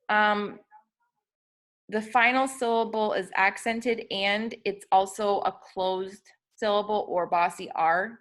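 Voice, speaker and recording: A woman's voice: medium pitch, a bit bright. Patient woman explaining spelling rules. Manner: patient, with frequent ums and self-corrections. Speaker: teacher.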